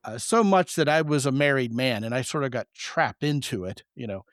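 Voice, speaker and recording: A man's voice: mid-range voice, moderate pace, no echo. Guy hosting a podcast, jokey storyteller, dry close mic. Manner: storytelling, animated and joking. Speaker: podcast host. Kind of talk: casual podcast conversation.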